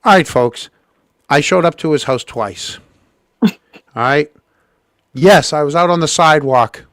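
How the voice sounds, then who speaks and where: Male livestream host, halting, many restarts, casual commentary, dry close sound. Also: mid-range voice, fairly bright tone, no echo.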